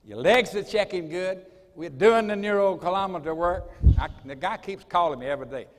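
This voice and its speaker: A man's voice: sits high, expressive, a little fast. An older man telling a folksy, emphatic story as a speaker at a college assembly. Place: school assembly hall. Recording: long reverb of a large hall.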